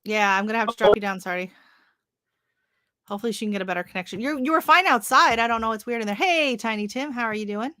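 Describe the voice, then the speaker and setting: A woman's voice: a little high, fast talker, pushed and bright. A woman hosting a live stream, chatting casually with viewers, greeting them by name and rambling with lots of fillers. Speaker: livestream host. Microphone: livestream setup.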